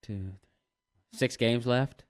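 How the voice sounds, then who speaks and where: A man's voice: medium pitch, very slow, clean tone. A man co-hosting a sports podcast, matter-of-fact as he reads off stats and player names. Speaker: podcast co-host. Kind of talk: casual sports chat.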